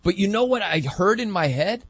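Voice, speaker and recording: Man, sports talk host, casual, chatty, swinging pitch, dry close sound. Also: normal speed, breathy edge, no echo. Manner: animated, chatty, laughing asides.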